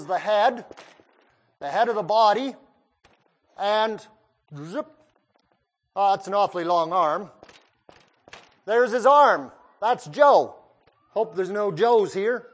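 A male preacher delivering a sermon, putting pointed questions straight to his listeners. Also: sits high. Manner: questions the listeners directly, emphatic.

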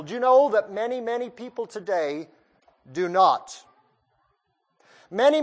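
A man's voice: very high-pitched, lively intonation, a little slow, a little mellow. A male preacher delivering a sermon, putting pointed questions straight to his listeners. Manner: questions the listeners directly, emphatic.

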